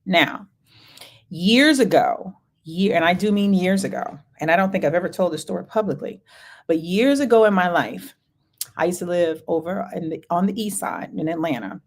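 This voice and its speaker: A woman hosting a talk show, speaking earnestly and deliberately with trailing pauses. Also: fairly low pitch, darkish tone. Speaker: podcast host.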